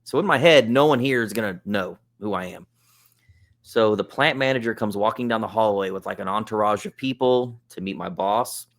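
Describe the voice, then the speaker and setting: A man, a podcast guest, telling a funny story in a relaxed, chatty way, with plenty of "like" and "uh". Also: fairly low pitch, normal speed. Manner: relaxed, chatty, with lots of fillers like "like" and "uh". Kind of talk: casual storytelling.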